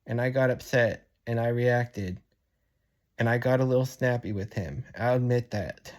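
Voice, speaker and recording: Young adult male vlogger, venting monologue, sighs often, restarts sentences, frustrated and worn down. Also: medium pitch. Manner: frustrated, sighing, halting and repetitive. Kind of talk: personal venting vlog.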